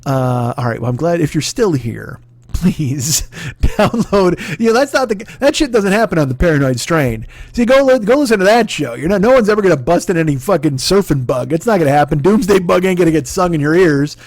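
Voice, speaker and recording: A man's voice: a little high, very animated, fast talker, few pauses, no room sound. A man hosting a comedy podcast, rambling profanely through a jokey sponsor plug and drifting into silly tangents. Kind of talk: rambling comic sponsor read.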